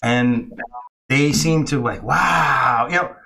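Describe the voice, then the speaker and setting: A man with a bright, forceful tone chatting casually on a podcast. He tells stories at an easy pace and jumps into livelier voices when he quotes others. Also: mid-range voice, slow, vocal fry, a little hiss or hum. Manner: storytelling, acts out kids' excited voices. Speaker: podcast co-host.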